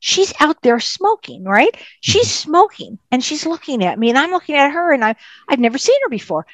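A woman, a psychic medium, telling her story in a casual interview with an animated, emphatic manner. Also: high voice, normal speed, dry recording.

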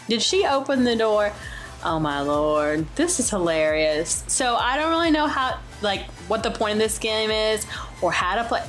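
A young woman gaming YouTuber provides excitable, jokey Let's Play commentary, frequently exclaiming and shrieking. Her voice is medium-pitched, with faint game music playing behind her.

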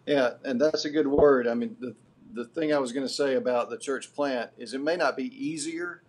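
A middle-aged man giving a live class lecture as guest lecturer, building his points deliberately and earnestly. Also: medium pitch, husky.

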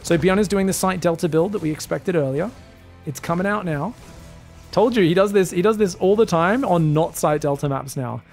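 An Australian man casting a live strategy game, chatting and joking with his viewers between plays and bursting into excited shouts. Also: high-pitched, moderate pace, gravelly, faint music behind. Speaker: esports caster. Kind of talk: live game commentary and chat banter.

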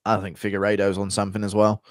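A man's voice: lowish voice, completely flat delivery, fast talker, no room sound, studio quality. Sarcastic man chatting on stream. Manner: sarcastic, mocking, casually profane. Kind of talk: casual livestream chat.

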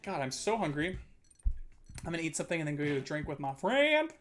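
A man's voice: a little high, fast talker. A man streaming, chatting casually with his viewers and reading chat aloud. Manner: chatty, reads chat aloud, animated swings.

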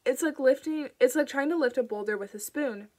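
A woman voicing a sullen, dazed young boy in an audiobook, pitching her voice up. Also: sing-song, normal speed. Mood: urgent.

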